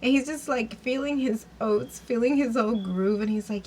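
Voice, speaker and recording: A woman's voice: high-pitched, lively intonation, normal speed, slightly rough, rough recording. A woman giving a casual recap and review of a TV episode, chatty and giggly, with lots of fillers and restarts.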